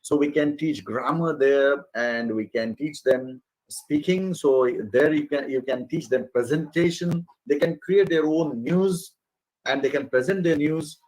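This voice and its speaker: A man giving an online faculty training lecture, expressive and often pausing with fillers. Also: a little high, poor audio. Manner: expressive, animated, with frequent fillers. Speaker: college lecturer.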